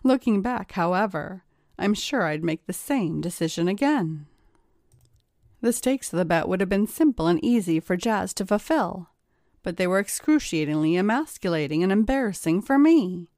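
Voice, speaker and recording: A woman reading a scripted first-person story in a steady, confessional storytelling manner. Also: on the low side, moderate pace, dry recording, clean studio sound. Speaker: story reader.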